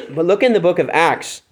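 A man's voice: on the high side, expressive, normal speed. A male pastor teaching a Bible study, reading passages aloud and asking rhetorical questions. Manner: reads scripture aloud and asks rhetorical questions.

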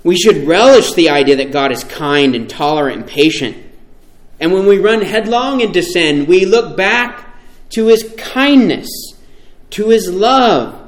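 Male preacher, slightly high voice, animated and emphatic, sermon delivery. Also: measured pace, reverberant. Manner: animated, emphatic, with rhetorical questions.

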